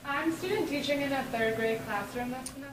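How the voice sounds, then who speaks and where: A woman speaks up from the audience with a polite question. Her voice is fairly high and sounds distant, picked up in an echoey room with clear noise around her. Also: fast, crowd noise. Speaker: student teacher in the audience.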